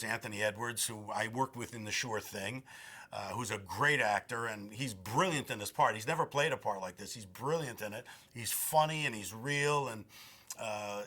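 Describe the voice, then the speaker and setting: Effusive bright-voiced man in his sixties. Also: mid-range voice. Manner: effusive, rambling with restarts. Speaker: film director. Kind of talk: interview answers.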